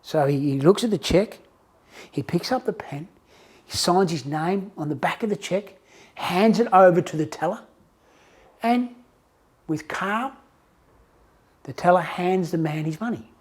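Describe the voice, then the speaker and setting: A man, a success coach, telling a story in a casual, animated way with frequent restarts. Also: high-pitched, unhurried, long pauses, slightly rough. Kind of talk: motivational storytelling.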